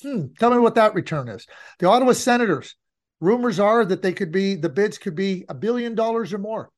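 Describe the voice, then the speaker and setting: A man's voice: high-pitched, expressive, a little fast. A middle-aged man co-hosting a casual hockey podcast, telling stories and repeating phrases for emphasis. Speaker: podcast co-host.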